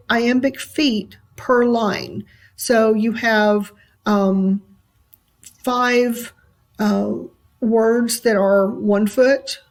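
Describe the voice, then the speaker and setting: A woman teacher talks her students through a recorded lesson. She goes slowly and takes her time, with a fair number of ums and uhs. Her voice sits a little high. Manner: relaxed and unhurried, many ums and uhs.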